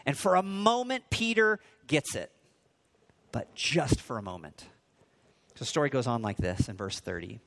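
A male pastor delivering a sermon with big swings in pitch and loudness. He drops low and soft for reflection, then rises high and loud when he acts out what people say. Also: big pitch swings, moderate pace. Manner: dramatic swings in pitch and volume, acting out quotes.

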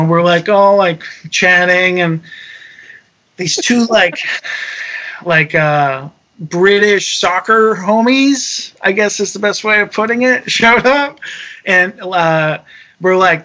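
Young man, high voice, casual storytelling, profane, animated, lo-fi recording. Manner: animated, swears freely, acts out quotes. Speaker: touring musician telling a story.

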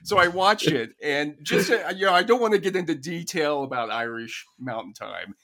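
A man's voice: on the high side, expressive, moderate pace, pushed and bright. An American man co-hosting a podcast in casual chat, chuckling often as he explains things. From United States. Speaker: podcast co-host.

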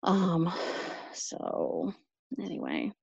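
Woman co-host, low-ish pitch, dry close sound, loose rambling chat. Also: huge pitch swings, very slow, gravelly, darkish tone, breathy edge, no echo, muffled recording. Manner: rambling, many ums and likes. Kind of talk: casual chat.

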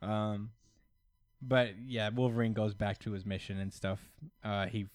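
A man's voice: lowish voice, fairly even intonation, measured pace, no room sound. Laid-back man recapping on a podcast. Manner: loose, laughing, swears freely. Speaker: podcast host. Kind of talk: casual comic-book recap chat.

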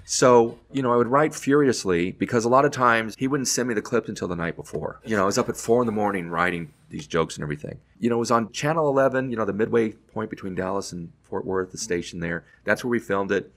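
Man, middle-aged, radio host, casual storytelling, animated, quick pace, gravelly voice. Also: on the low side. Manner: animated, acts out other people's lines. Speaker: radio host telling his career story.

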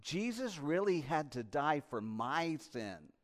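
A male pastor delivering an impassioned sermon, swinging between loud emphasis and hushed asides and posing rhetorical questions to the congregation. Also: fairly high pitch, big pitch swings, slow.

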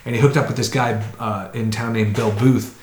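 A man's voice: lowish voice, fairly even intonation, normal speed, slight background noise. A man telling a long, rambling story in casual chat as a podcast co-host, slipping into quoted voices now and then. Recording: roomy echo.

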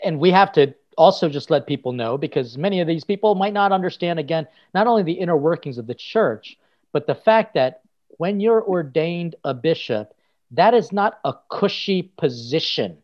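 Upbeat priest hosting a chat, higher voice. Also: male voice, animated, muffled recording. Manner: upbeat, jokey, quick asides. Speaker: priest and podcast host. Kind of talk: casual interview chat.

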